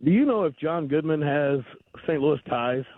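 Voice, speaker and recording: A man's voice: on the high side, lively intonation, normal speed, no room sound. A man calling in to a radio show, pressing his argument point by point. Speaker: caller. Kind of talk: radio call-in. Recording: tinny phone line.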